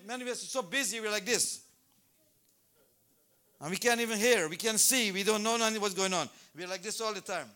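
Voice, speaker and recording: High, bright-voiced preacher. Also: male voice. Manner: animated, repeats names, bursts into shouts. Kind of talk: sermon. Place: church service.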